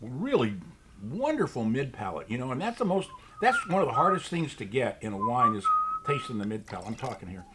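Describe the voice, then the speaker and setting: A man's voice: mid-range voice, huge pitch swings, a little fast, noisy background. A man co-hosting a casual wine tasting chat, emphatic and joking.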